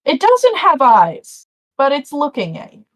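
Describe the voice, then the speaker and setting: A woman's voice: high-pitched, wildly swooping pitch, measured pace. A woman narrating a tabletop game as game master, chatty and rambling with frequent restarts.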